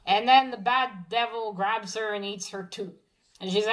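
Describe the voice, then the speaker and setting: A woman's voice: fairly high pitch, a little slow, fairly bright tone, low-quality recording. A woman giving a casual spoken manga review, rambling through the plot with many fillers and restarts, then gushing over the art. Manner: gushing when pointing out cute art.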